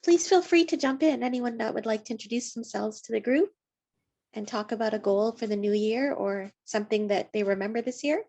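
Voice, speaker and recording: Higher-voiced woman inviting a group to talk. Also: fairly quick, dark tone. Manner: friendly, inviting. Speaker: group co-host. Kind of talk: hosting a video call discussion. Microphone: video call.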